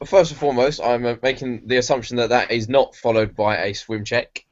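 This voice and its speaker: A man's voice: mid-range voice, fairly even intonation, brisk. A man playing in an online tabletop game, describing his character's actions with wry, self-mocking humour. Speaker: player. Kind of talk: casual tabletop play. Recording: dull lo-fi online call audio.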